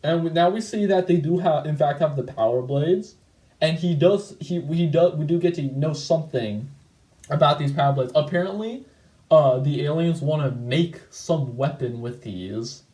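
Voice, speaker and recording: A man with a fairly high, mellow voice and a moderate pace hosts his own video channel. His casual commentary on his old comic is loose and rambling, packed with "like", fillers, restarts and self-corrections, on a rough recording with a roomy sound.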